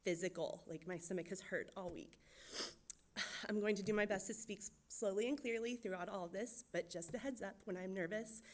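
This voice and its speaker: Her voice at a medium pitch, a young woman who leads children's programs at a Georgia church gives a rapid, nervous testimony punctuated by frequent laughter. She's from Georgia, USA.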